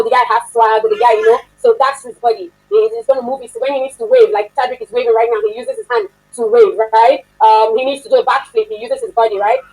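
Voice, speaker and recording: A woman's voice: a little high, darkish tone, low-quality recording. Chatty woman teaching an online class. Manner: chatty, laughs often, asks the class questions. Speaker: workshop instructor.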